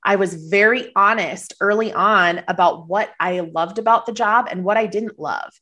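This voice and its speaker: A woman's voice: mid-range voice, moderate pace, bright, forceful tone. A woman from Minnesota with a light Minnesota accent and a slight cold, giving earnest, encouraging advice as a podcast guest. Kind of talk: casual interview answers.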